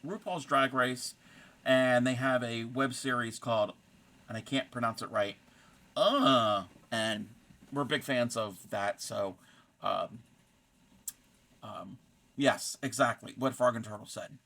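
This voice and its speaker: A man chats on his crochet live stream with a bright, forward voice. He rambles through greetings to his viewers and drops puns and references as he goes. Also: medium pitch. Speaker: crochet streamer and fiber artist. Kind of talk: casual live-stream chat.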